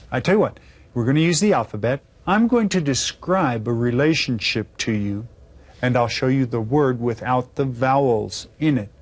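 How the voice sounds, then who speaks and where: A man's voice: mid-range voice, a little mellow. A man teaching a video Spanish lesson to children, patiently spelling words out letter by letter.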